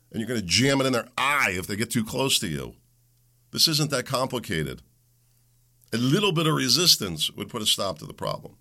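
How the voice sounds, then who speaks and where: A man's voice: mid-range voice, pushed and bright. A man hosting his own talk show, ranting in an angry opinion monologue and mocking the people he quotes. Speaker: podcast host.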